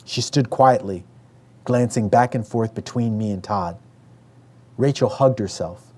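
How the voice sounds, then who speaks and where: Man reading his memoir, dark tone. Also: lowish voice. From Western New York. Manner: measured, acts out family quotes in raised voices.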